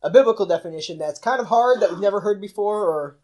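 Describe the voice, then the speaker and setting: A man's voice: high voice, animated, fast talker, crowd noise. A young man co-hosting a podcast, leading the segment in casual chat and egging the others on with frequent laughs. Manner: leads the segment, eggs others on, laughs often. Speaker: podcast co-host.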